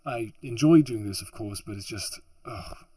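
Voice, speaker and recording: A man's voice: on the low side, moderate pace, dark tone, breathy edge, no echo. A man who narrates audiobooks as a hobby, ranting in exasperation with a sore throat, rambling with restarts and sighs, recorded at home on a laptop mic. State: sore throat, hot and sweaty. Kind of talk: frustrated off-script rant. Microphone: laptop mic behind a makeshift pop filter.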